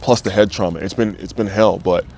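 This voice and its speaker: A low, darkish voice with vocal fry moves fairly quickly and steadily, with a little hiss or hum in the recording. The speaker, a former football player in his thirties from the US, is frank and emotional in a candid interview, swearing freely and mimicking quoted voices.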